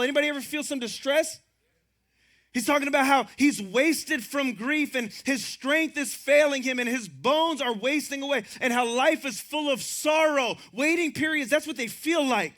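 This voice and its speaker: A man in his thirties preaching a sermon as pastor, telling stories with quoted voices and laughter, and dropping to a hushed tone for scripture. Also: normal speed. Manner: storytelling, acts out quoted voices, laughs often; drops to a hushed low voice for scripture.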